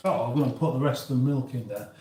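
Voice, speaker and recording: A man's voice: mid-range voice, quick pace. A British man with a northern English accent hosts a live cooking stream from his kitchen, rambling casually and reading viewer comments aloud as he cooks. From England. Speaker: cooking livestream host. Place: home kitchen. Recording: echoey kitchen with faint background noise.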